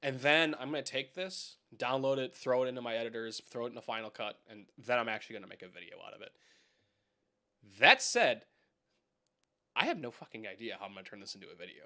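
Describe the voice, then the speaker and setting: A young man chats loosely on a live stream from home, talking straight to his viewers. His voice is bright and forceful at a middle pitch, and he rambles, swears and laughs along the way. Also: animated, fast talker. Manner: rambling, swears, laughs often, talks to chat. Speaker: live-stream host reviewing keyboards. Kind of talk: casual live-stream chat.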